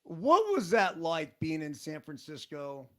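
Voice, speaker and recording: A man's voice: on the high side, very animated, measured pace. A man hosting a casual interview, asking questions with eager enthusiasm. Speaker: host.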